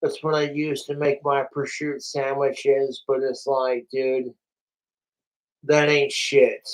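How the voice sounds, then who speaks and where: A man chatting through a late livestream, tipsy and slurring a little from alcohol. He talks slowly in a rambling, excitable way and swears often. His voice sits at an ordinary middle pitch. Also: rough recording. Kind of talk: casual livestream commentary.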